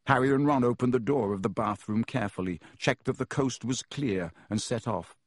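A man narrating a children's fantasy novel as an audiobook, in a measured, even storytelling manner. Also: medium pitch, no room sound, clean studio sound.

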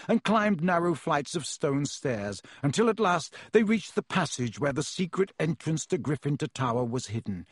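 A man narrating an audiobook in a measured, expressive storytelling style. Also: on the high side, husky, no room sound, studio quality. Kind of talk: scripted narration.

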